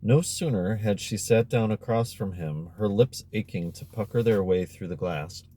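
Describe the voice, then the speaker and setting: A man reading a novel aloud as an audiobook narrator, measured and expressive. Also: lowish voice. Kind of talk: scripted narration.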